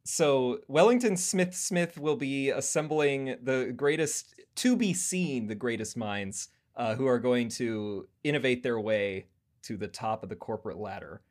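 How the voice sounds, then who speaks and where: A podcast co-host in casual chat, pitching ideas with mock-grandiose flair between easy banter. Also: measured pace. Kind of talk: casual chat about a video game.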